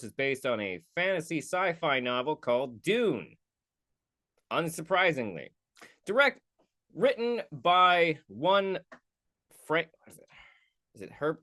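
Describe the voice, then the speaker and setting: An American man hosts a casual solo film review podcast in a voice on the high side and a bit bright. He's goofy and rambling, often cutting himself off.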